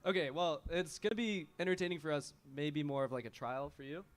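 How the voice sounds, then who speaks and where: A young man hosting a college radio show, asking casual, easygoing questions of his guest. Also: on the high side. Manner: easygoing, quick follow-up questions. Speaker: student radio host.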